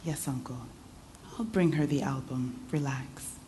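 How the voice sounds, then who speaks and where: A woman voicing a frightened young girl who answers in a quiet mumble. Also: a bass voice, measured pace, a little hiss or hum. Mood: subdued.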